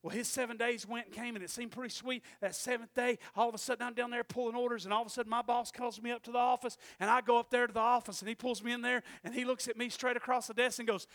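A man in his forties preaching a sermon, telling a story animatedly and swinging from hushed asides to shouted lines, with calls of "Amen?". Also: extremely high pitch, fairly even intonation, fast, few pauses.

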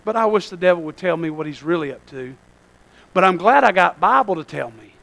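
Preacher, male, high bright voice, call-and-response sermon, loud peaks and quiet asides. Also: expressive, a little fast, creaky. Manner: call-and-response, asking "Amen?"; swings between shouting and quiet asides. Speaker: pastor. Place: church.

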